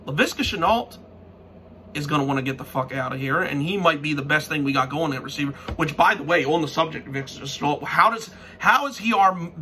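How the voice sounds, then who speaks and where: A man's voice: on the high side, pushed and bright, a little hiss or hum. Fired-up man ranting about football. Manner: frustrated, swearing, restarts sentences. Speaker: sports fan vlogger. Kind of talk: profane sports rant.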